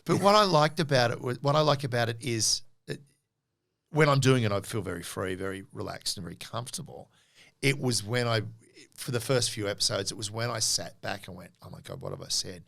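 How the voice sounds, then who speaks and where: An Australian podcast co-host in his forties tells stories during a casual interview, animatedly acting out what people said. His voice is medium-pitched, gravelly and fairly quick.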